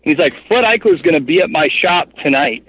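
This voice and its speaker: A man's voice: a little high, brisk, breathy edge. Chatty thirties man, dry muffled sound. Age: 30s. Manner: rambling, filler-heavy, animated retelling. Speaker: guest. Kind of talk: casual storytelling interview. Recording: dull, muffled podcast audio.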